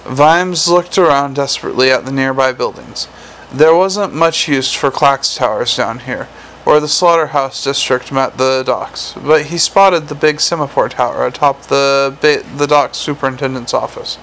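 A man reading a comic fantasy novel aloud in a measured, wry storytelling manner. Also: medium pitch, a bit bright, a little hiss or hum, rough recording. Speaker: audiobook narrator. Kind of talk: storybook narration.

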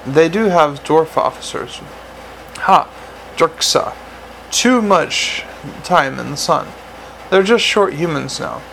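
A man's voice: on the high side, expressive, slow, gravelly, fairly bright tone, a little hiss or hum, exaggerated voice, rough recording. A man reading the part of a secretive, scornful male dwarf, speaking urgently and conspiratorially.

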